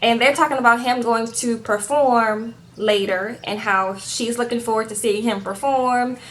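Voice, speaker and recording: A woman's voice: a little high, normal speed, slight background noise. A woman giving a casual reality TV recap in a chatty, sassy way, often tagging her lines with "okay?". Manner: acts out quotes in lively voices.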